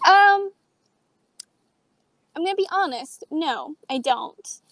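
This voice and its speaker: A woman in her twenties calling into a live stream, polite and candid, pausing on "um" as she explains herself. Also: very high voice, lively intonation, a bit bright, rough recording. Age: 20s. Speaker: caller. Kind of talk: call-in over a video chat.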